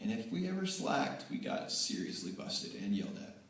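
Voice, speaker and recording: A man giving a tribute speech at a banquet, telling energetic, animated stories that swing between excited and earnest. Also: medium pitch, moderate pace, creaky, slight background noise. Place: large banquet hall. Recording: echoey hall, voice from far off.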